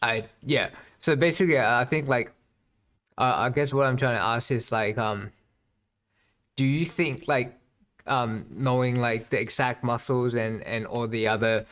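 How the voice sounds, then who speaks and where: A man's voice: medium pitch, steady tone, unhurried, a bit bright. A man in casual chat as a student, hesitant and filling his questions with "like" and "um". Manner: hesitant, heavy use of "like".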